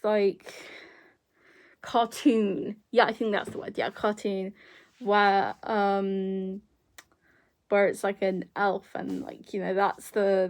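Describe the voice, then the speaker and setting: A woman's voice: mid-range voice, darkish tone. A young woman chatting casually to camera, rambling with many fillers and restarts. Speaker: vlogger. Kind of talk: casual chat.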